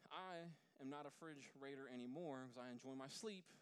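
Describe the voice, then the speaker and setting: A man's voice: mid-range voice, normal speed, clean tone. A man preaching a casual sermon in church, joking and talking straight to his congregation. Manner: jokey, talks directly to the congregation. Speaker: pastor.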